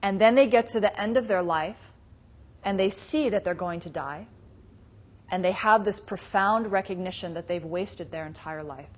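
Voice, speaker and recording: Chatty woman teaching a meditation class. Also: lowish voice. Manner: casual and conversational, many "you know"s and asides; storytelling with frequent light laughter. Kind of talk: live Buddhist dharma class talk.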